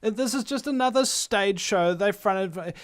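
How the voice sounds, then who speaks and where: A man with a high-pitched voice hosts a call-in radio show, speaking a little slowly as he launches into a casual, sarcastic opinion rant. He's irreverent and swears freely, though the swearing is mild.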